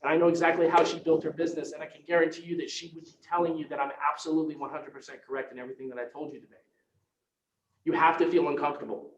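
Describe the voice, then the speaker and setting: A man giving an energetic motivational sales coaching talk as a real estate team leader, acting out phone conversations in excited voices. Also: fairly high pitch, rapid-fire, echoey room, a little hiss or hum, low-quality recording.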